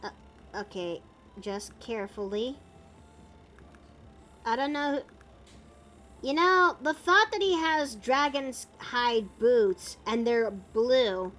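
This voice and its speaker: A woman chatting casually while drawing on her art stream, narrating her steps in a playful way. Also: on the high side.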